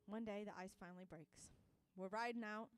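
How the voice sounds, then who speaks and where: A woman's voice: mid-range voice, normal speed, clean tone. A young woman, a singer-songwriter, telling a self-mocking story between songs and laughing as she goes. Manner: animated, self-mocking anecdote told with laughs.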